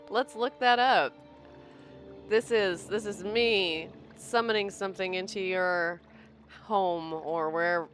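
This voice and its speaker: A woman's voice: mid-range voice, a bit bright. A young American woman streaming a game, chatting casually with her viewers and laughing often. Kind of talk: casual live-stream chat while playing.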